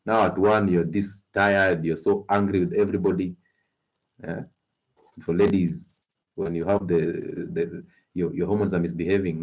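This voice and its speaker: A man with a Kenyan accent hosting a health talk stream, animated and coaxing, laughing often as he gives advice. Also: sits low. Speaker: health show host.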